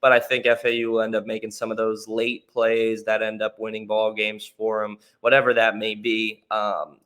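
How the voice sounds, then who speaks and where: A man's voice: fairly low pitch, fairly bright tone. A man co-hosting a sports podcast, giving his views in a casual way that thinks aloud with fillers. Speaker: podcast co-host.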